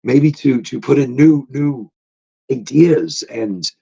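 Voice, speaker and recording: A man hosting a casual motivational podcast monologue, talking in a loose, animated way. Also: takes it slowly, vocal fry, slightly rough. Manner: animated, swoops into high excited tones when retelling stories. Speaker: podcast host. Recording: dull lo-fi recording.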